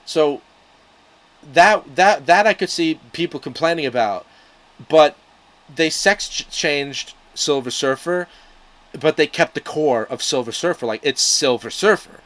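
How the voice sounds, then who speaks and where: A young man rambling in a casual vlog, full of fillers, restarts and the odd swear word. His voice sits a little high for a man. He sounds a touch out of breath. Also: lively intonation, measured pace, a bit bright, poor audio. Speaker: YouTube comics reviewer.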